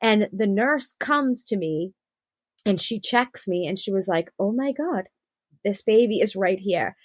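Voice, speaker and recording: A young adult woman telling her personal birth story on a podcast, animated and acting out the quotes. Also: mid-range voice, measured pace, dry recording. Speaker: podcast guest.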